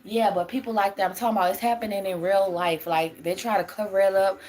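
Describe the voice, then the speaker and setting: A woman's voice: mid-range voice, steady tone, fast, darkish tone. A young adult woman on a live stream who rambles, swears and laughs often while answering her chat as a spiritual reader.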